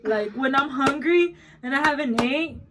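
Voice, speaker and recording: A woman's voice: sits high, normal speed, heavy background noise. A nineteen-year-old woman vlogger telling a story in casual chat, blunt and swearing a lot, switching between English and Spanish mid-sentence.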